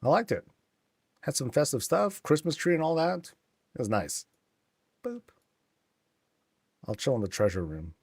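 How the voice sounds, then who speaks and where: A man's voice: medium pitch, wildly swooping pitch, unhurried, long pauses, slightly rough, no echo, studio quality. A man streaming a game, chatting casually and rambling with many fillers as he tours homes.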